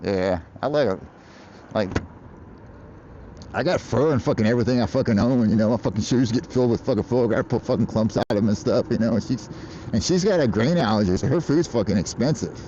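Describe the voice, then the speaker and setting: A man's voice: mid-range voice, quick pace, mellow, muffled recording, a little hiss or hum. An American man livestreaming outdoors, chatting casually in a rambling, profane way and laughing often. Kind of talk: casual live-stream chat. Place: outdoors in traffic on a bike.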